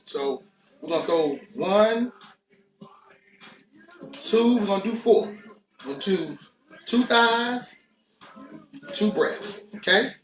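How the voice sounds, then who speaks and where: Animated and high-voiced, an American host talks viewers through a laid-back cooking demo at home. He goes slowly, leaving long pauses, and his tone is fairly bright. The mic is distant and the kitchen echoes.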